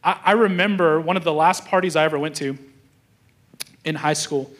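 A young adult male pastor preaches a sermon in a voice on the high side, at a moderate pace and slightly bright. He tells stories casually, acting out the quoted thoughts of the people in them and restarting often.

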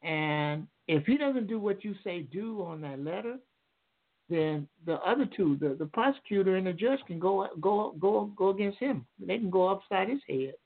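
Over a tinny phone line, a man calls in to a radio talk show and explains at length, rambling and lecturing and restarting often. His voice is high-pitched and animated, at a normal speed.

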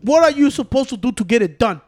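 A man's voice: very high-pitched, animated, fast talker, a little mellow. A man talking heatedly in casual chat, swearing often. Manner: heated, mixes Spanish and English, swears.

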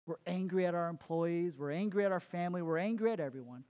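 A man's voice: sits high, fast, a little mellow, smooth. A man preaching a sermon as pastor, emphatic, repeating words and laughing at himself.

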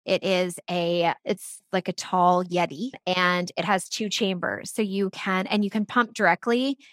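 A woman's voice: on the low side, steady tone, measured pace, a bit bright, dry recording, studio quality. A middle-aged woman talking casually as an interview guest, telling stories with laughs and restarts. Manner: chatty storytelling with laughs and restarts. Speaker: guest, product founder.

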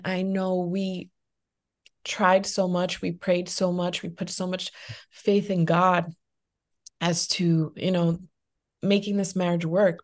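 A woman's voice: medium pitch, a little mellow. Sincere woman podcast host. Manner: reflective and sincere. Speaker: podcast host, life coach. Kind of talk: podcast conversation.

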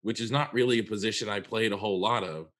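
A man's voice: lowish voice, fast talker, fairly bright tone. A man, a therapist co-hosting a podcast, telling a personal story in an earnest, conversational way and repeating words for emphasis.

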